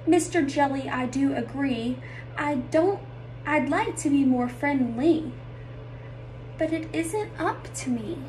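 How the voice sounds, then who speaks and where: A woman's voice: high voice, expressive, takes it slowly, background noise. A woman voicing a gloomy pouting male fish in a sing-song storybook read-aloud. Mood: glum. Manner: sing-song rhyming refrain, mopey.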